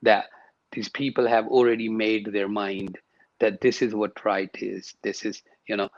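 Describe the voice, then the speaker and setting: A man's voice: on the low side, little pitch movement, unhurried, lo-fi sound. A man, a yoga and sound teacher, speaking emphatically as a guest in an interview and repeating words to stress his points. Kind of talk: interview conversation.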